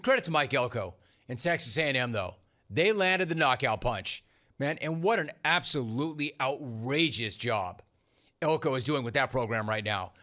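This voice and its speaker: A man's voice: on the high side, pushed and bright. A man hosting a sports talk show, delivering a punchy, sarcastic monologue full of rhetorical questions.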